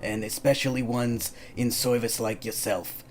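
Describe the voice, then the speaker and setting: A man's voice: medium pitch, fairly even intonation, moderate pace, soft background music. A man playing a tabletop game in character, hesitant and giggly, stammering through his lines. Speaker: player. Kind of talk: in-character role-play.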